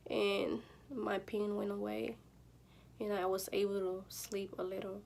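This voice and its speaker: Slow-talking young woman telling a story. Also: mid-range voice, flat delivery, gravelly, a little mellow, slight background noise. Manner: emotional retelling with many fillers and quoted pleas. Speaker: vlogger. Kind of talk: casual storytelling.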